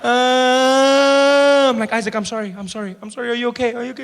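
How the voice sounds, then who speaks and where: A man in his thirties from South Africa telling a stand-up story on stage, acting out every character with sudden loud outbursts. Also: very high voice, quick pace, slight background noise. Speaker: stand-up comedian. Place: theater stage before a live audience.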